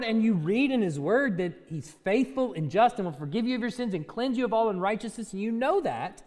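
A man preaching a lively sermon who acts out little voices and laughs along the way. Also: high-pitched, long reverb tail. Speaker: pastor.

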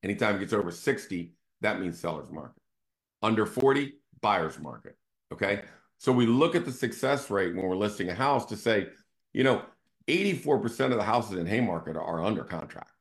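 A man's voice: lowish voice, expressive, fairly quick. A man hosting a casual real estate talk, walking through charts and checking in with "right?" as he explains. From Northern Virginia area. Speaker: real estate team CEO and show host.

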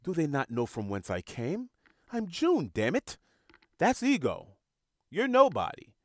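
Brief: man playing a self-important male ego, haughty, high-pitched and affronted. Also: wildly swooping pitch, a little slow, no room sound, studio quality. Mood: indignant. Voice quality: haughty, affected.

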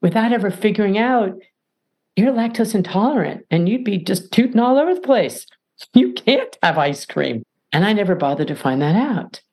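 A woman author as a podcast guest, talking in an emphatic, animated way and acting out little dialogues. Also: medium pitch, moderate pace. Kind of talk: podcast interview.

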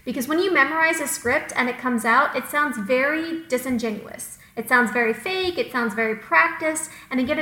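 Bright, high-voiced upbeat woman. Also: reverberant, low-quality recording. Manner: upbeat, emphatic, repeats words for stress. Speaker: podcast co-host. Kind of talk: advice podcast talk.

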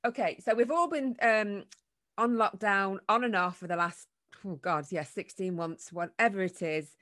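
A woman's voice: mid-range voice, normal speed, a bit bright. A woman from the United Kingdom hosting a casual interview, encouraging and agreeable with her guest. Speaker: host.

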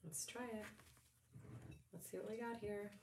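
A woman co-hosting a casual beer-tasting show, chatty and giggly with soft asides. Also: medium pitch, steady tone, unhurried, vocal fry. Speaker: podcast co-host. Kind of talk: casual chat. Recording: echoey room, mic at a distance, faint hiss.

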